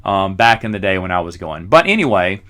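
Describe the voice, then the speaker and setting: A man's voice: low-pitched, sing-song, fairly quick, sharp tone. A middle-aged man hosting a podcast, telling rambling, self-mocking stories in a casual way. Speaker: podcast host. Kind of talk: casual storytelling.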